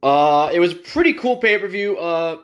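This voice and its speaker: A man's voice: high voice, lively intonation, normal speed. Rambling young man podcasting casually. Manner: rambling, many ums and uhs, informal. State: clearing his throat after eating. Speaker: podcast host. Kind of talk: casual solo podcast review.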